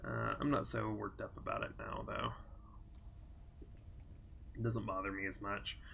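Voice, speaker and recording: A man from Southern Indiana, USA, hosts a let's play, rambling casually, being self-deprecating, and reading chat aloud as he plays. His low, level voice is a little slow, bright and forceful with vocal fry, over slight background noise.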